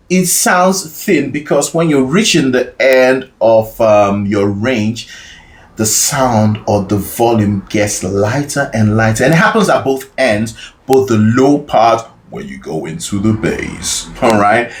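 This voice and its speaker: Lively, echoey male vocal coach. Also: medium pitch, takes it slowly, slight background noise. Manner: explains casually, often checks in with okay and all right. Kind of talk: singing lesson with sung demonstrations.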